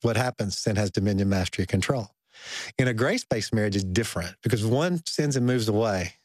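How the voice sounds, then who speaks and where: A man speaking as a guest author on a Christian talk show, earnest and reflective, slowing down on key phrases. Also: on the low side, darkish tone, no room sound.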